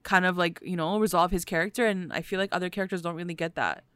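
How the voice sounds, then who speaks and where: A woman's voice: fairly low pitch, steady tone, fast, fairly bright tone, clean tone, no room sound. A young woman in casual chat, recapping a TV episode with a friend, chatty and laughing often, with some swearing.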